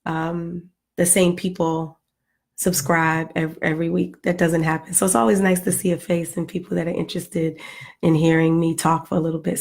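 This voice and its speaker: A woman vlogger with a low-pitched voice speaks straight to her viewers in a casual, heartfelt way. She sounds earnest and pleading, and she turns playful now and then. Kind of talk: casual heartfelt vlog talk.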